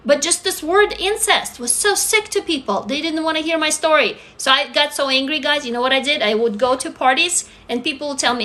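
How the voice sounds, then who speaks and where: A woman's voice: high voice, brisk, hardly any pauses, pushed and bright. A woman hosting a live stream, reading viewer comments and talking bluntly with plenty of profanity. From Russia. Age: adult. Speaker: livestream host.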